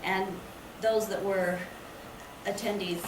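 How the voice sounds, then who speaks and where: Woman poet, unhurried lyrical reading at a library event, echoey far-off sound. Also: medium pitch, steady tone. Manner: slow, measured, lyrical delivery. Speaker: poet reading her work. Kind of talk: poetry reading. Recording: echoey room, distant mic, background noise.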